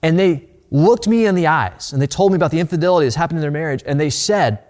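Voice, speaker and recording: A man's voice: on the high side, fast talker, hardly any pauses, darkish tone. A man preaching a sermon as a pastor, earnest and direct, often repeating words as he presses a point.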